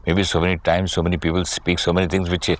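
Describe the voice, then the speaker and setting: A man's voice: low-pitched, completely flat delivery, fast talker. A man from India with an Indian English accent, asking probing questions in a casual interview conversation.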